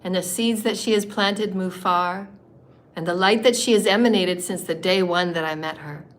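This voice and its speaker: A woman with a scratchy, hoarse voice gives a heartfelt spiritual talk on a live stream. She strings long, flowing phrases of praise together in a soft, earnest tone. Her pitch sits in a middle range. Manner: heartfelt and reverent, praising and thanking.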